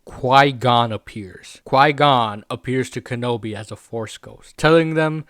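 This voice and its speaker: A young man hosts a casual podcast, rambling loosely and swearing freely with laughing asides. His voice sits at a medium pitch, recorded close and dry with no room sound. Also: unhurried, fairly bright tone, dry recording. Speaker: podcast host. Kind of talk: casual recap chat.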